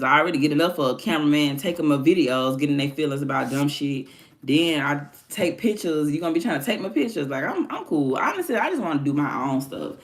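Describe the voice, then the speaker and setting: A woman hosting her own stream, chatting candidly and animatedly in casual slang. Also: sits low. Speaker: livestream host. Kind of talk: casual chat.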